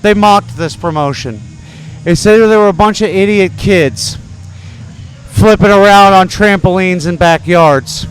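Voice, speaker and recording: A man's voice: high-pitched, measured pace, smooth, faint music behind, poor audio. A man doing ringside co-commentary for a wrestling show, stretching out his words for emphasis.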